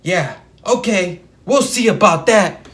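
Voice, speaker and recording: A man's voice: high-pitched, animated, takes it slowly, a bit bright, exaggerated voice. A man voicing an aggressive male police captain who barks accusations at a driver. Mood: angry. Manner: barking, accusing.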